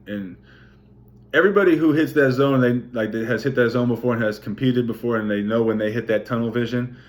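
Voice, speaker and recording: A young man with a somewhat low voice tells a race story to camera from his kitchen. He swears freely and acts out splashes and pops with his mouth as he goes. It is a casual, animated vlog recap. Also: slight background noise. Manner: profane, animated storytelling with sound effects. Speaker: vlogger, triathlete. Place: home kitchen, indoors.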